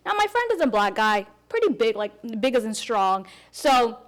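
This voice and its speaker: A young woman hosts a casual podcast, recounting stories in an animated way. She slips into the voices of the people she quotes, and her voice sits fairly high. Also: a little fast, hardly any pauses. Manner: animated storyteller, acts out quoted dialogue. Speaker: podcast host.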